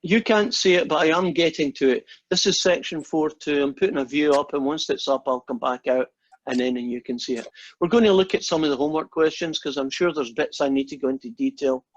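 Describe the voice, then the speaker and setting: Chatty math teacher guy on a video call, husky voice, lots of ums, muffled lo-fi audio. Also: fairly high pitch, a little fast. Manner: chatty, joking, with many fillers and restarts. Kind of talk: casual online lecture. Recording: dull lo-fi online call audio.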